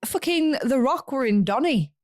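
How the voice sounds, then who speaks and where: A woman's voice: high-pitched, lively intonation, moderate pace, a little mellow, dry recording, clean studio sound. A young adult woman, co-hosting a casual podcast chat in a blunt, sweary, laughing way. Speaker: podcast co-host.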